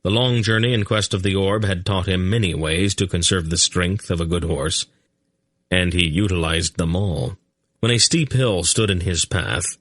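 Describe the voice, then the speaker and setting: Deep-voiced male audiobook narrator. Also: fairly bright tone, no echo, clean studio sound. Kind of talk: scripted narration.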